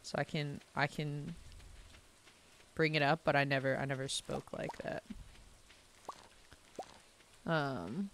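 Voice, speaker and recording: A woman's voice: low-pitched, steady tone, slow, long pauses, a bit bright, slight background noise. A young woman from the American South, streaming a game and rambling casually with lots of fillers and self-mocking asides. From Southern United States. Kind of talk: casual chat while gaming.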